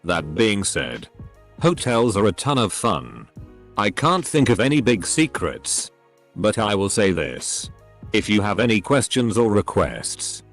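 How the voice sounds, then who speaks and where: Male narrator with a lowish, animated read, faint music underneath; steady scripted delivery of online posts. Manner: even, steady reading, voices symbols and emoticons literally. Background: faint background music.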